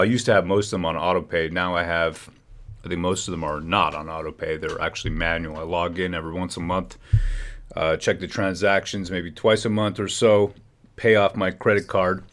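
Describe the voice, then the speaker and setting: A man with a very low, deep voice hosts a live stream from home. He comments with heat, circles back and restarts his sentences, and builds into an angry rant. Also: fairly even intonation, moderate pace, fairly bright tone. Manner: heated, ranting, restarts phrases. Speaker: livestream host.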